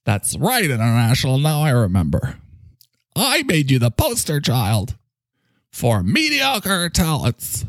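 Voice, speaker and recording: A man's voice: medium pitch, huge pitch swings, dry recording. A man voicing a pompous, bossy male playhouse leader in an improvised comedy bit, stretching his words out grandly. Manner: drawn-out, bossy, grandiose delivery.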